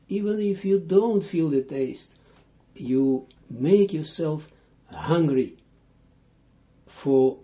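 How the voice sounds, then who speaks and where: In this dull, lo-fi recording, a man with a dark but fairly high-pitched voice teaches Kabbalah without a script. He moves slowly, stumbling and restarting many times as he hunts for the right words.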